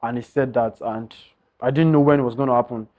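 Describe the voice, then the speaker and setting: A man's voice: mid-range voice, steady tone, brisk. A man telling his own story in a candid, earnest way, often calling his listeners guys. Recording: slightly dull lo-fi sound.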